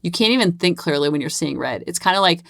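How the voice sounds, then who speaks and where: A woman's voice: fairly low pitch, fast, vocal fry, no room sound, studio quality. A woman in her forties hosting a parenting podcast, chatting casually and acting out bits of dialogue with lots of "like" fillers. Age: 40s. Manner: animated, acts out quoted dialogue. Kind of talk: casual solo podcast storytelling.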